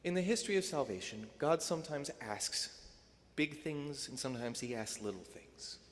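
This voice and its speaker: Male priest, sermon, fairly high voice, rhetorical build-ups, long church echo. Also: expressive, normal speed, slight background noise. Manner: rhetorical, building to emphatic peaks then dropping soft.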